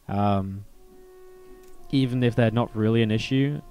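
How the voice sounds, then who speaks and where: A StarCraft caster and streamer speaks in a low, warm, unhurried voice with long pauses, faint music behind him. Chatting casually at a desk microphone while casting the strategy game, he rambles, swears freely, and uses lots of filler words.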